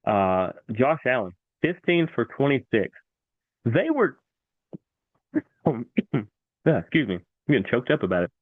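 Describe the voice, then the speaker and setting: A man hosting a casual sports talk show, excitable and animated, repeating himself for emphasis. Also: mid-range voice, unhurried, long pauses, no echo. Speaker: sports podcast host. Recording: dry, tinny phone-like sound.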